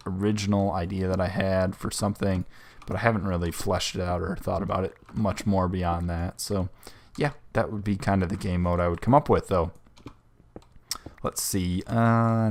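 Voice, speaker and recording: A young man with a very low voice chats while playing a video game, answering questions as they come. He rambles and corrects himself midway through sentences in a relaxed, unhurried manner. Keyboard typing can be heard behind him. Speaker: host. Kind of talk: casual gaming commentary.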